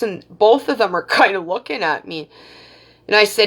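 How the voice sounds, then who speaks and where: A woman's voice: mid-range voice, expressive, moderate pace, fairly bright tone. A middle-aged woman from Canada hosting a casual live stream, telling stories bluntly and profanely, acting out back-and-forth dialogue. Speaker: livestream host.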